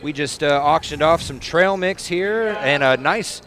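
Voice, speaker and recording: A man doing casual halftime commentary at a high school basketball game, chatty and easygoing with frequent pauses. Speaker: play-by-play announcer. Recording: noisy gym crowd behind. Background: crowd chatter.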